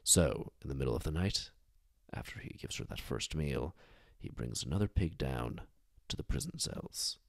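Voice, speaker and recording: Low-voiced, wry male storyteller. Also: animated, normal speed, gravelly, no room sound, studio quality. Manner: conversational, digressive, wry. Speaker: storyteller host. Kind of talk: casual story narration with comic asides.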